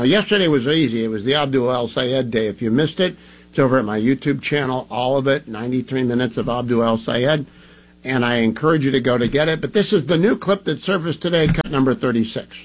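A man hosts his talk radio show in a rambling, emphatic monologue. He sounds a little groggy from medication, and his voice sits at a middle pitch. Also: a little fast. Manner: chatty, wandering, emphatic. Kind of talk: casual monologue.

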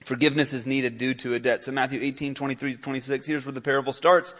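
A man's voice: mid-range voice, little pitch movement, fast talker, a bit bright. A male pastor preaching a sermon in an earnest, emphatic way, lifting his voice on key points.

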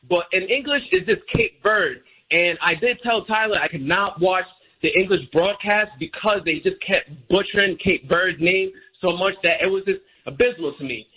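A male radio caller with a high, bright, somewhat husky voice. He talks eagerly and at length. The muffled line sounds dull. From United States. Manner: enthusiastic, talkative. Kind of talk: call-in radio chat.

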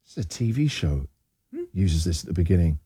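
A man's voice: low voice, moderate pace, breathy edge, no echo. A middle-aged man hosting a radio show, chatting casually and jokily and laughing often. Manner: jokey, laughs often, lively delivery. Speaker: radio host. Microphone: studio microphone. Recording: radio studio with loud music bed. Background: music.

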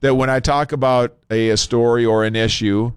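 A male talk radio host speaks loosely into a studio microphone, thinking aloud with scattered fillers. His voice is smooth and resonant, and it sits close and dry with no room sound. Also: mid-range voice, fairly even intonation, no room sound. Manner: conversational and unscripted, pausing with fillers.

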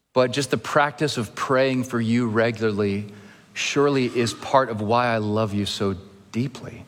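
A male pastor preaching an earnest expository sermon, slowing down to stress key phrases. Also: medium pitch. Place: church sanctuary. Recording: long hall reverb.

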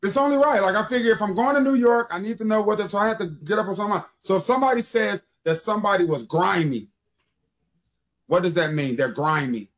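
A man co-hosting a casual podcast, excitable and quick to quote rap lyrics. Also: sits high. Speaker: co-host.

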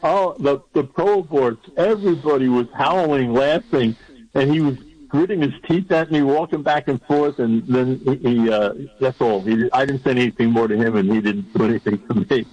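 A man's voice: mid-range voice, normal speed, a little mellow, lo-fi sound. Chatty radio host guy telling a story, laughing along, radio broadcast sound. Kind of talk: casual radio chat.

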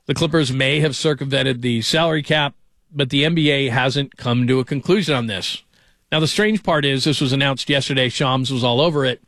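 A man hosts a sports talk radio show from a studio, chatting loosely and hopping from one story to the next. His voice sits at an ordinary middle pitch. The sound is dry, with no room echo. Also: fairly quick, a bit bright. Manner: rambling, chatty, jumps between stories.

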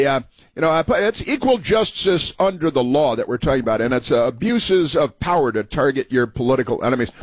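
A man's voice: mid-range voice, no echo. A man hosting a talk radio show, delivering a rambling political monologue full of uhs, sarcastic and scornful.

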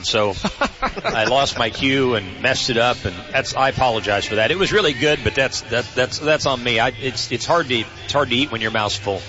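A man, a team's play-by-play radio voice, giving folksy, relaxed football analysis from a stadium booth. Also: mid-range voice, normal speed, dull audio, music in the background.

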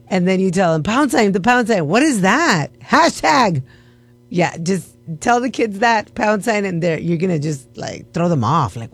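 A woman hosting a radio segment, chatting in a playful, mock-offended way. Her pitch swings widely as she talks, and she laughs often. She sounds like a radio host bantering on air. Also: big pitch swings, moderate pace.

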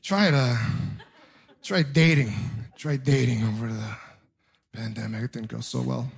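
A man's voice: mid-range voice, a little slow, vocal fry. A man in his thirties doing a conversational, self-deprecating stand-up routine with rambling asides. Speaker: stand-up comedian. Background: audience laughter.

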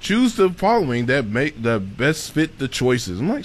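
A man co-hosting a radio show chats casually, his pitch rising and falling in a very lively way. He talks expressively and often quotes what he said himself. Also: normal speed, hardly any pauses. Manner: animated, expressive, quoting himself. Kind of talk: casual chat.

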